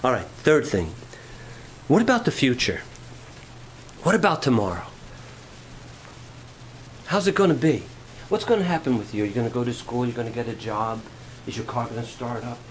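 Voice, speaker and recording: A man preaching a sermon, shifting from quiet storytelling to rising, fervent preaching. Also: mid-range voice, animated, normal speed, pauses often, a little hiss or hum, low-quality recording. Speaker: pastor.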